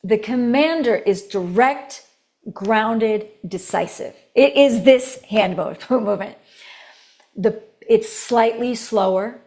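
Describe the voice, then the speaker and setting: Animated woman voice coach, higher pitch. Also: takes it slowly. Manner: animated, demonstrating each tone with shifts in pitch and volume; laughs often between points. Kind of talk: recorded course lesson.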